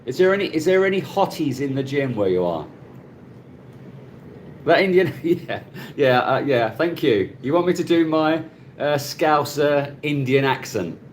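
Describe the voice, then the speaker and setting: A man's voice: a little high, expressive, unhurried, slight background noise. A middle-aged man hosting a casual live stream from his phone, chatting and greeting viewers by name and laughing often. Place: Cebu, Philippines.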